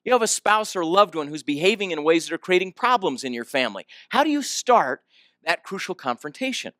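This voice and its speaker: In a clean studio recording with no echo, a high-pitched man talks fairly quickly. His storytelling is animated, full of questions to the audience and acted-out quotes from the people in his story.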